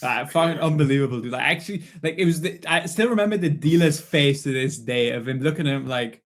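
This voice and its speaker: A man's voice: a little high, quick pace. A man telling casual, sweary anecdotes on a podcast, often laughing. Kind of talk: casual chat.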